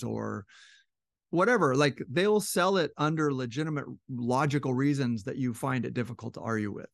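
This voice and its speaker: A man with a gravelly, fry-heavy voice explains relationships in a loose, conversational way. His voice sounds a bit strained. The recording is close and dry, with no room around it. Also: medium pitch, animated, moderate pace, no room sound. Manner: conversational, acts out quoted couples with shifting voice. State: slightly strained voice. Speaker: relationship educator. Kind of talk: casual explanatory talk.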